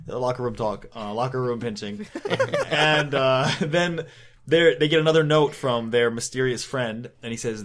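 A man in a relaxed podcast chat, with a voice of ordinary middle pitch. He recaps a story in a rambling way, swearing freely and slipping into the characters' lines. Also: moderate pace. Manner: rambling, swears, acts out quotes. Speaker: podcast co-host. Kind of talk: casual chat recapping a comic.

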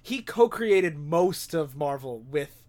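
A man's voice: on the high side, lively intonation, slow pace, a little mellow. A man on a podcast, casually giving background on a comics creator. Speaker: podcast co-host. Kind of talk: casual chat, giving backstory.

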